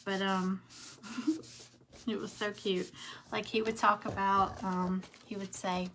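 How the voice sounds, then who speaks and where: Southern woman, middle-aged, unhurried, rambly livestream chatter, faint hiss behind. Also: medium pitch, flat delivery, a bit bright. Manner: rambling, chatty, greets viewers by name. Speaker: craft livestream host. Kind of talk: casual livestream chat while crafting.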